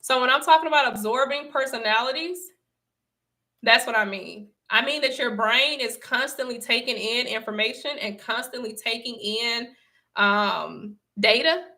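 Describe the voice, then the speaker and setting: Speaking at normal speed with a sharp tone on the high side, a young Southern US woman chats with her livestream viewers casually. She leans on emphatic repetition and laughs frequently.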